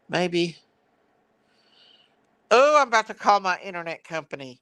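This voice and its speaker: A woman's voice: on the low side, very animated, a little slow, long pauses, fairly bright tone, smooth, no echo. A woman hosting a casual true crime livestream, apologetic and flustered as she talks to her viewers.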